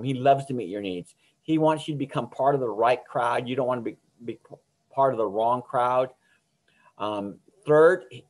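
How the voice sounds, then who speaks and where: Middle-aged guy doing a youth bible lesson, earnest and casual, keeps saying okay, mid pitch. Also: darkish tone. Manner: earnest, informal, frequent "okay?" checks and restarts. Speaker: youth ministry teacher. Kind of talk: recorded Bible lesson for teens.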